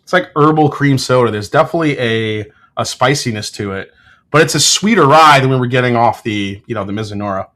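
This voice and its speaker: A whiskey reviewer hosts a livestream tasting, chatting in a relaxed, joking way and talking briskly. His voice is mid-pitched, and he swears freely while bantering with his chat.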